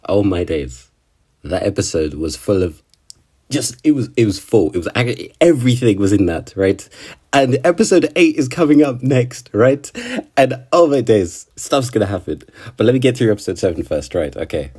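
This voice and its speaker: A man's voice: fairly low pitch, very animated, normal speed, darkish tone, husky. A man casually recapping an anime episode, rambling with lots of fillers and tag questions. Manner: rambling, full of fillers and "right?". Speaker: anime video creator.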